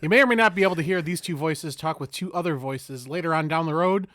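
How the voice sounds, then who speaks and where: Man with a somewhat higher voice, playful podcast co-host, jokes and teases, dry close mic. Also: fast, fairly bright tone, dry recording. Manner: joking, teasing, playful asides. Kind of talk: casual chat.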